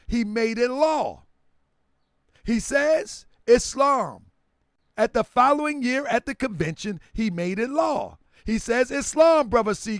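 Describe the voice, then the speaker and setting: Emphatic high-voiced male lecturer. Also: dry recording, studio quality. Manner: emphatic preaching delivery, drops to quiet asides. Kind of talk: live-streamed lecture.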